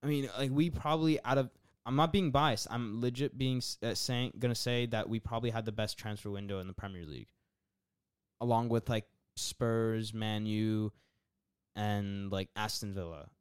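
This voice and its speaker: A man's voice: on the low side, fairly even intonation, normal speed, clear, resonant tone, no room sound, studio quality. A man co-hosting a casual football podcast, rambling with lots of fillers and restarts. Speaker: podcast co-host.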